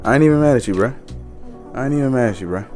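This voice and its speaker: A young man runs a casual livestream, reeling off viewers' names and echoing his own phrases. His voice sits at an ordinary middle pitch. Faint music plays under him. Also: animated, racing, darkish tone. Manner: greets chat viewers by name, repeats phrases.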